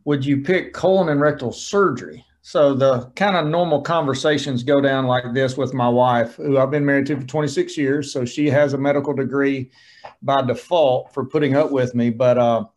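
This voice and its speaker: Man in his forties, mid-pitched, folksy and joking, surgeon giving a talk to a group. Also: steady tone, moderate pace. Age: 40s. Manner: folksy, joking, plain-spoken. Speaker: colorectal surgeon. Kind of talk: lunch-and-learn talk.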